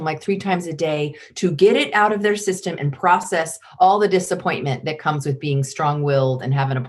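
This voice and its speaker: A woman with a lower voice talks as a podcast guest, explaining and then acting out little scenes. She is animated and expressive, shifting her voice as she goes. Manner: animated, acts out examples. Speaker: guest, parenting expert. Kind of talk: podcast conversation.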